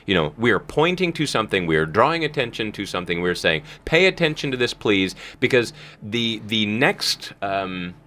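A man's voice: on the low side, expressive, normal speed, pushed and bright. A man hosting a Bible talk show, explaining scripture emphatically and speaking to listeners like a preacher. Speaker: podcast host. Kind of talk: casual Bible teaching.

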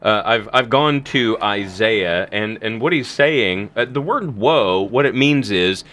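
Low-ish voiced host guy preaching at listeners, emphatic. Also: lively intonation, measured pace, hardly any pauses, a bit bright. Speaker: podcast host. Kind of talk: casual Bible teaching.

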